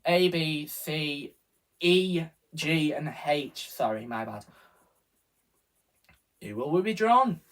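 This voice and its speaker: A man's voice: a little high, a bit bright. A man giving rambling live reaction commentary as a football fan streamer, often correcting himself. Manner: rambling, self-correcting, partisan fan talk.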